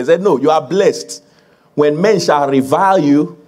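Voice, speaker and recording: A man's voice: a little high, moderate pace, darkish tone. A man preaching a sermon as a pastor to his congregation, building emphasis with repeated phrases and laughing along with the crowd.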